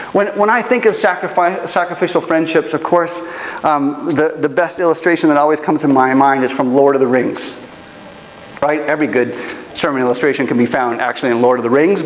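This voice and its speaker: High-voiced man preaching in a reverberant hall. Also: slight background noise. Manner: earnest, emotional storytelling. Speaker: pastor. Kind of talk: sermon. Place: church auditorium. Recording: long church hall reverb, faint ambience.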